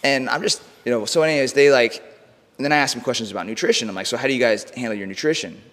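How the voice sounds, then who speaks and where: A man's voice: medium pitch, racing, fairly bright tone. Profane storytelling man, reverberant room. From United States. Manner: swears freely, says "bro" and "like". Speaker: podcast guest, mindset coach. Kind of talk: casual storytelling.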